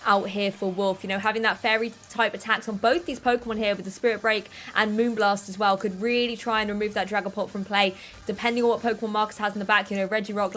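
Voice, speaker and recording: A woman commentating a competitive game match, calling the plays briskly and explaining the strategy behind them. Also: mid-range voice, fairly bright tone, a little hiss or hum. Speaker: esports commentator.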